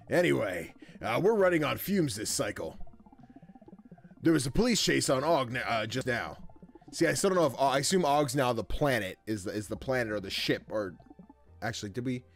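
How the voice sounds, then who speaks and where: This gaming YouTuber is a young man with a medium-pitched, animated, creaky voice who speaks briskly. Over faint music, he reads game text aloud and jokes through a casual let's-play, playful and chatty, laughing frequently and using slang.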